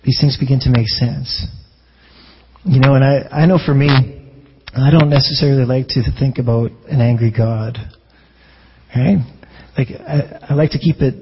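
A man's voice: mid-range voice, measured pace, breathy edge, muffled recording. A man preaching a sermon as a pastor in a conversational way, often restarting phrases and asking rhetorical questions.

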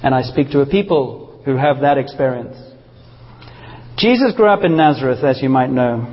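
A man preaching a sermon in a church, passionate and animated, with playful asides to the congregation. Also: mid-range voice, moderate pace, slightly rough, long reverb tail, highs cut off. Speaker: pastor.

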